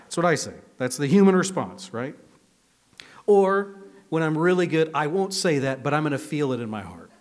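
A man preaching a conversational sermon as a pastor, earnest, moving between hushed, slow passages and emphatic, raised ones. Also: on the high side, animated.

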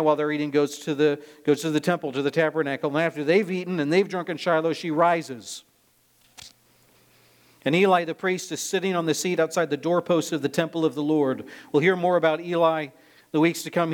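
Man preaching, slightly high voice, emphatic, expository sermon. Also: fairly even intonation, fairly quick. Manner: expository, emphatic, reads scripture aloud.

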